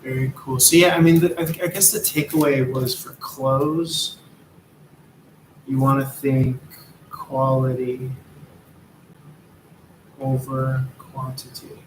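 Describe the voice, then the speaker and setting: A man's voice: mid-range voice, level tone, takes it slowly, pauses often, echoey room, a little hiss or hum, poor audio. A man giving a casual, rambling tarot reading, laid-back and drifting from topic to topic. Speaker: tarot reader.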